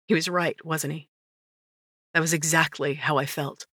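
A woman narrating a first-person story in a measured, even storytelling manner. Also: low-pitched, no echo, studio quality. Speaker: audiobook narrator.

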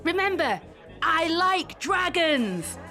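An actress voicing a cheeky, bossy non-human sidekick in a fantasy audio drama. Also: female voice, very high-pitched, big pitch swings, slow pace, gravelly, pushed and bright, faint music behind, full character voice. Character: cheeky non-human female fairy helper.

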